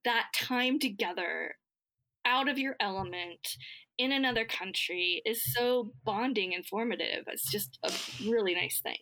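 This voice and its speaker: A woman's voice: a little high, a little slow, sharp tone. A woman co-hosting a casual podcast conversation, earnest and reflective.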